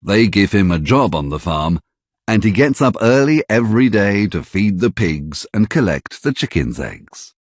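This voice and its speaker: A man narrating a graded reader story slowly and clearly for language learners. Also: fairly low pitch, sing-song, dry recording, studio quality.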